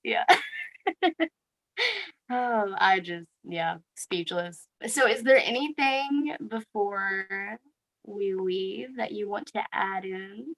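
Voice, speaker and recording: A woman hosting a casual chat, easygoing and quick to laugh. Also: medium pitch, fairly bright tone, rough recording. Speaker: host.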